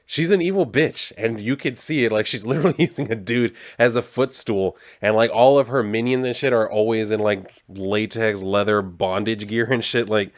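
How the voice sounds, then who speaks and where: A man's voice: on the low side, fairly even intonation, normal speed, few pauses. A man casually reviewing comic books, swearing often as he talks.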